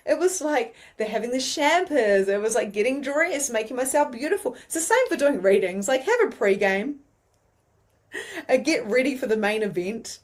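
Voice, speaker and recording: A woman with a New Zealand accent teaching mediumship in a chatty, animated way, with many fillers. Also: fairly high pitch, normal speed. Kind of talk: casual teaching monologue.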